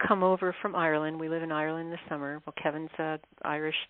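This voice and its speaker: A woman with a low voice chats as a guest author, spinning travel stories and laughing easily. She comes through a narrow, tinny phone line with a dry, close sound. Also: steady tone, fast, no echo. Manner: chatty, laughs often, clears throat. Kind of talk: casual interview storytelling.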